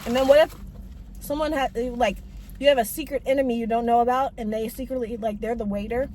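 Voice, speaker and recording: A woman's voice: fairly high pitch, fairly even intonation, a little fast, darkish tone, a little hiss or hum. A young woman rambling in a casual, self-mocking vlog while she eats, talking with her mouth full, in a parked car. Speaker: vlogger.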